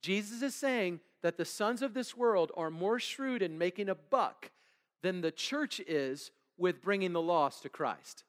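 A man's voice: high-pitched, animated, unhurried. A male pastor preaching a conversational sermon, reading scripture and checking in with the congregation with "okay?" and "all right?". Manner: reads scripture aloud and asks the congregation to fill in words. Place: church sanctuary. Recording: long hall reverb.

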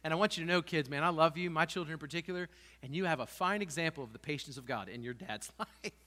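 A high, bright-voiced man preaches a passionate sermon, pushing his voice up to emphatic peaks. His words ring out with the long reverb of a church hall. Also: quick pace. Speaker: pastor. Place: church sanctuary.

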